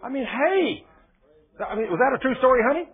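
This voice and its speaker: A man preaching in a folksy, colloquial style and spinning lively personal stories. His voice sits high for a man. The sound is thin and tinny, like a radio broadcast heard over a phone line. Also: a little fast. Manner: folksy, colloquial, animated storytelling. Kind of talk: folksy sermon with storytelling.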